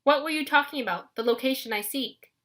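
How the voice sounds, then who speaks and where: A woman's voice: high-pitched, a little fast, fairly bright tone, pitched above the performer's own voice. A woman voicing an anxious, sarcastic teenage boy. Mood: urgent.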